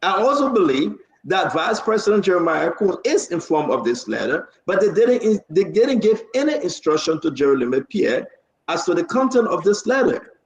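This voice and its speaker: A man's voice: high-pitched, sing-song, moderate pace. A male talk show host, speaking emphatically and insistently. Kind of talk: political talk-show discussion. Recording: echoey, dull lo-fi stream audio.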